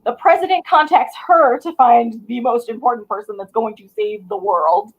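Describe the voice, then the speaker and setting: A woman's voice: a little high, expressive, moderate pace, husky, dull audio. A woman on a fan convention panel, talking enthusiastically and laughing often. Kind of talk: casual panel chat on a video call.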